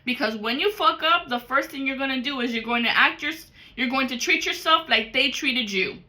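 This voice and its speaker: Bright-voiced, profane woman reading tarot. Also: sits high, normal speed, hardly any pauses. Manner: blunt and profane; talks directly to the viewer. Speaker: tarot card reader. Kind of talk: casual spiritual card reading.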